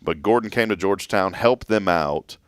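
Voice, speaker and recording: Deep-voiced jokey male morning host. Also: moderate pace, clear, resonant tone, dry recording, clean studio sound. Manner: jokey, animated, laughs while reading listener comments. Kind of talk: casual chat.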